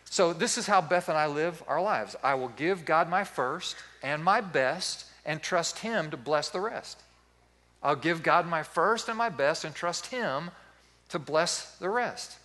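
Pastor, male, 50s, playful sermon delivery, slightly high bright voice. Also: unhurried. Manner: animated storytelling, playful.

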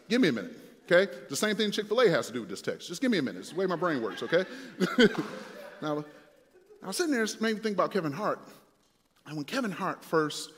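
A male pastor preaching a sermon, moving from relaxed storytelling to emphatic, building exhortation. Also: on the high side, long reverb tail.

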